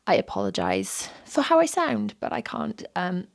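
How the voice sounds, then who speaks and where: A British woman talks through her own podcast while nursing a sore throat, her low voice hoarse and scratchy with plenty of gravel. She chats casually and slips into a whisper when her voice gives out. The sound is close and dry. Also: huge pitch swings, a little slow, no echo. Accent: British English. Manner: chatty, breaks into whispers on a failing voice. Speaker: podcast host; mother. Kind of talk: casual solo podcast talk.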